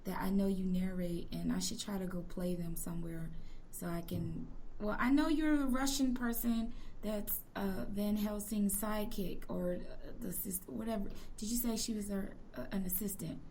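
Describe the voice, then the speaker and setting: A woman's voice: mid-range voice, normal speed, gravelly, a little mellow. Woman, podcast host, enthusiastic, rambling, giggly, faint background noise. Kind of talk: casual interview chat.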